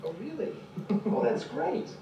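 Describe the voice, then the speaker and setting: A man's voice: sits high, wildly swooping pitch, measured pace, recorded from a distance, background noise, exaggerated voice. An actor playing a wry, easygoing male investigator who talks in a dry, joking way. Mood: calm. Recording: dull roomy TV soundtrack, music behind.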